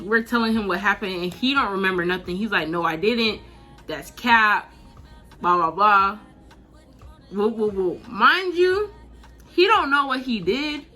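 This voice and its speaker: A 19-year-old woman vlogger telling a casual, slangy storytime, animated and laughing as she goes. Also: medium pitch.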